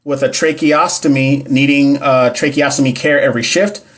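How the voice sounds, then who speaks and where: A young man running a casual livestream on a phone or computer mic. He reads exam questions out loud and answers viewers' comments. His manner is loose, playful and full of slang, and he often talks straight back to the chat. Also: mid-range voice, fairly even intonation, moderate pace. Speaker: livestream host teaching nursing exam questions. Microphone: phone or computer mic on a live stream.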